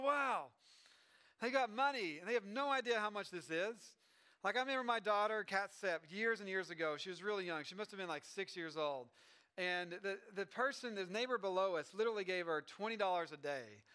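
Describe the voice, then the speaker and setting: A middle-aged pastor giving a chatty sermon, with asides and restarts. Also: male voice, high voice, fairly quick, bright, forceful tone, clean tone. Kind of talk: conversational sermon.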